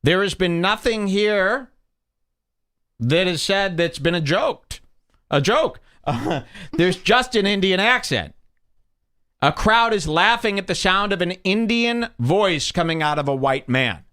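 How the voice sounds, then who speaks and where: A man's voice: high-pitched, expressive, unhurried, pushed and bright. A man hosting a podcast, commenting on clips in a sarcastic, indignant manner. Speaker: podcast host. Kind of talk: commentary over played clips.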